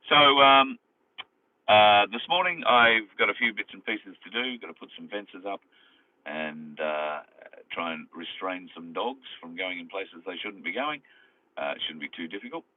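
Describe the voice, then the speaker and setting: A man's voice: sits low, expressive, measured pace. An Australian man chatting live to his viewers from his car while driving, rambling along with plenty of fillers. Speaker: live streamer. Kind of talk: casual live chat to viewers. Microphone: phone. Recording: tinny phone-like sound over phone.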